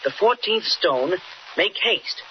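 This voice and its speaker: An actor playing an eager, excitable teenage boy reporter in a 1940s radio drama, heard on an old radio recording. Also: sits high, slow, highs cut off, slight background noise.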